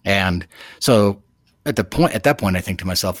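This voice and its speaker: A man guest telling a dramatic personal story in an animated way, with many restarts. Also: deep voice, moderate pace, no echo, studio quality. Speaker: podcast guest. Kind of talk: storytelling anecdote.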